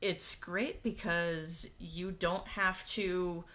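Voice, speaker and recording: A woman with a bright, forceful tone but a fairly low voice, co-hosting a relaxed livestream. She gives practical advice in an easygoing way and laughs often. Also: extremely slow. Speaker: co-host. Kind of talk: casual chat.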